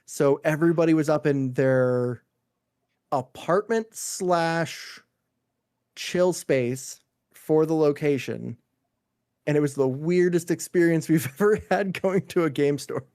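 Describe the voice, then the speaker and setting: Higher-voiced male podcast co-host. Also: slow, darkish tone. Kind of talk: casual podcast chat.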